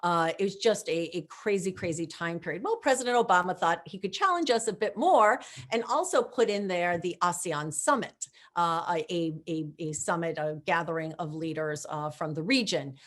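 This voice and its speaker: Brief: middle-aged American woman, lower-pitched voice, animated storyteller on a video call. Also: moderate pace, few pauses. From United States. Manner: animated, acts out quoted voices. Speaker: guest speaker, former protocol chief. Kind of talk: lively anecdotal storytelling.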